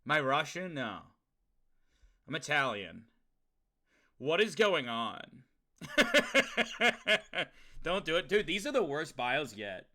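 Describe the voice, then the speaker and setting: A young man from New York chats to his stream in a loud, animated way, swearing freely and calling out to his viewers. His voice is sharp and bright, sitting a touch high for a man. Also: slow, pauses often. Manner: loud, animated, swears often, talks straight to chat. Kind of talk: casual livestream chat.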